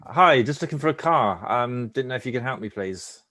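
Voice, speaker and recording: A man's voice: mid-range voice, lively intonation, a little fast, sharp tone, dry recording. A man improvising a hesitant, polite car buyer in his own everyday voice for a comedy sketch. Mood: timid. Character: timid young male car buyer.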